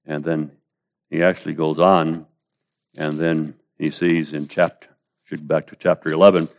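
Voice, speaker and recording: A man preaching an expository sermon, rising to loud pleading when voicing prayers and dropping low and quiet, addressing listeners as beloved. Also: flat delivery, moderate pace.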